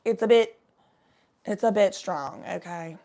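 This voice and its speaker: A woman's voice: mid-range voice, measured pace, mellow. A young woman hosting a livestream, chatting with viewers in a rambling, laid-back way and swearing freely. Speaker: livestream host. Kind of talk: casual chat.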